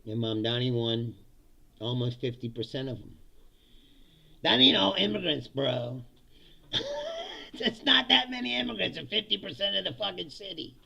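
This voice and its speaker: A man's voice: high voice, big pitch swings, moderate pace, creaky, pauses often, bright, forceful tone. A man delivering a profane, sarcastic political comedy rant, laughing between lines. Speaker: political commentator.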